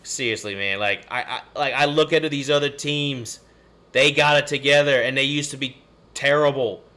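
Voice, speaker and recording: A man's voice: mid-range voice, normal speed, pushed and bright. A man, hosting a live sports stream and ranting in a frustrated, rambling way. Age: 30s. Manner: frustrated, rambling, cursing and sighing. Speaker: podcast host.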